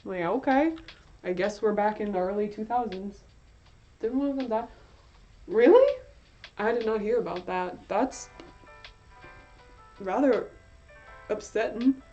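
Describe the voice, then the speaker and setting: Speaking a little slowly with long pauses and a warm tone, a medium-pitched young woman chats casually with her stream viewers as she works. She rambles, giggles and occasionally swears, and the lo-fi stream audio sounds slightly dull, with faint music underneath.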